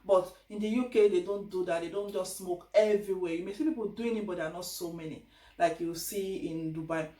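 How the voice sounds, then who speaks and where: A Nigerian woman casually giving advice in a vlog, chatty and animated, often acting out what others say. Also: fairly low pitch, a little fast. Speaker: vlogger. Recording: echoey room, distant mic.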